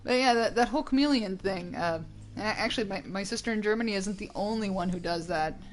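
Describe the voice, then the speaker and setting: A woman's voice: mid-range voice, fast talker, a little hiss or hum. Chatty rambling woman. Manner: chatty, rambling with many restarts. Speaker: co-host of a gaming stream. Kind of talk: casual gameplay chat.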